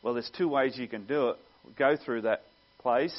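A man's voice: mid-range voice, moderate pace. A man preaching a sermon, earnest and teaching, with wry asides. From Australia. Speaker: pastor. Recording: dull lo-fi sound.

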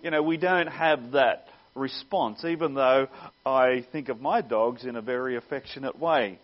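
A man's voice: medium pitch, moderate pace. A man preaching a sermon, earnest and teaching, with wry asides. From Australia. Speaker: pastor. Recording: dull lo-fi sound.

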